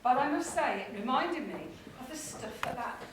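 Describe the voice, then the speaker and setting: Older woman as a high, fluttery, prim old actress, echoey hall heard from afar. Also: animated, moderate pace. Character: fussy old actress, flustered and scheming. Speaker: stage actor in an amateur play. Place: theatre stage. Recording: echoey hall, far-off mic, noise.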